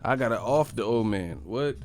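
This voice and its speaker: A man's voice: lowish voice, lively intonation, moderate pace, darkish tone. Slangy man riffing to his live chat. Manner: slangy, rambling, talks straight to chat; laughs often. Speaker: boxing channel host. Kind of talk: casual live-stream commentary.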